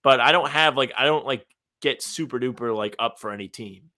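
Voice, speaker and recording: Bright-voiced man telling rambling stories. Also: mid-range voice, fairly quick. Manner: rambling, animated storytelling with mock indignation. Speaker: podcast co-host. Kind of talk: casual sports podcast chat.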